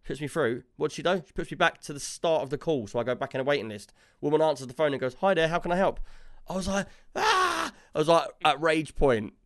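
A man's voice: fairly high pitch, quick pace, few pauses. A man telling a long story in casual chat, quoting the people he argued with. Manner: animated storytelling, quotes others in dialogue.

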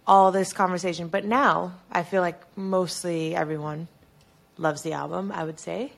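A woman co-hosting a podcast, chatting casually in a relaxed, joking way. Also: on the low side, normal speed, creaky. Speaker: podcast co-host. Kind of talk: casual chat.

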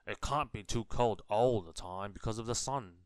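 A man voicing a wise, brisk old wizard with loud, emphatic exclamations, in a storybook read-aloud. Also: on the low side, no echo, lightly acted.

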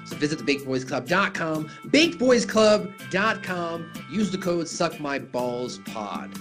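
A podcast co-host doing a casual, joking sponsor read, hyping the gear like a pitchman. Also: big pitch swings, measured pace, a bit bright, faint music behind.

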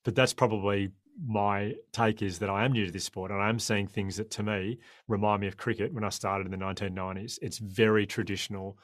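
Aussie man in his 40s, guest, talks fast, low voice, keeps restarting his sentences. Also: fairly even intonation, no echo, studio quality. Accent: Australian. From Australia. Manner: impassioned, rambling with frequent restarts. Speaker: guest, former cricketer turned sprinter. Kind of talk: podcast conversation.

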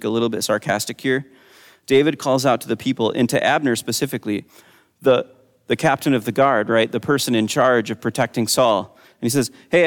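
A man's voice: mid-range voice, in a large hall. A man preaching a sermon, teaching in a conversational way and reading scripture aloud with a lifted voice.

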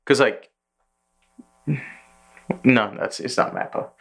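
A man co-hosting a laid-back podcast, walking through anime episodes scene by scene. He swears freely and keeps a middling pitch in an easygoing, conversational flow. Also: takes it slowly. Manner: profane, animated scene recaps with quoted character voices. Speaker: podcast co-host. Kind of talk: casual chat.

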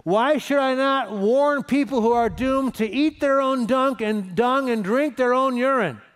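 A male pastor voicing a menacing enemy envoy who shouts threats at a besieged city. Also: very high voice, a little slow, clear, resonant tone, pitched above the performer's own voice.

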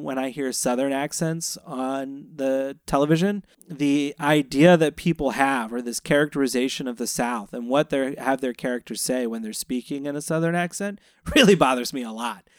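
A middle-aged man from the American South talks through a film with his family, thinking aloud and often restarting his sentences. His voice sits at an ordinary pitch and is recorded dry and close, with no room sound. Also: no room sound. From Florida Panhandle, US South. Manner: thoughtful, rambling with restarts. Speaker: co-host, parent. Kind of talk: casual film discussion.

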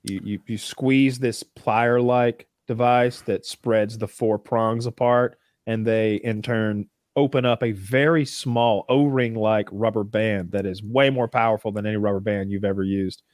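A man's voice: fairly low pitch, steady tone, a little slow, few pauses, a little mellow, no room sound, clean studio sound. A man chatting casually as a co-host, rambling with many restarts and frequent swearing. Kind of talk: casual chat.

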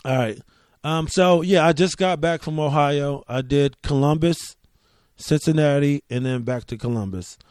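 A man's voice: a little high, normal speed, darkish tone, no echo, clean studio sound. A man hosting a comedy podcast, telling road stories in a loose, profane, joking ramble. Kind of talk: casual solo storytelling.

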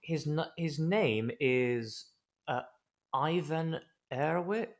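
A man co-hosting a comedy podcast, recapping a show in a wry, deadpan way. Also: on the high side, drawn-out words. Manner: wry, deadpan, chatty with digressions. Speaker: podcast co-host.

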